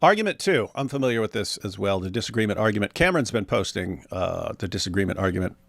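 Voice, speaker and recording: A man's voice: fairly low pitch, animated, fast talker, gravelly, a bit bright, no echo. A man hosting a livestream who comments on a debate in a sarcastic, emphatic and argumentative way. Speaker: host.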